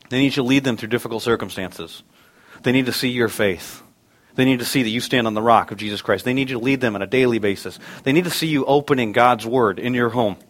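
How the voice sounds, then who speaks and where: A man in his thirties, a pastor preaching a sermon, earnest, telling family stories with humor and building to loud emphatic peaks. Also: mid-range voice.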